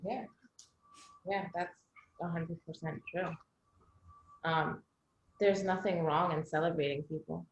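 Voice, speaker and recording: A woman's voice: on the low side, steady tone, unhurried, long pauses, slight background noise. A woman co-hosting a podcast in casual chat, blunt and swearing freely. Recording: echoey dull-sounding room recording.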